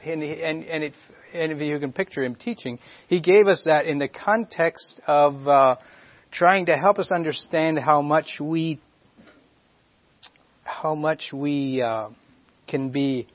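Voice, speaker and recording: Halting man giving Bible teaching, lo-fi. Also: mid-range voice. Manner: halting, searching for words. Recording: dull lo-fi recording.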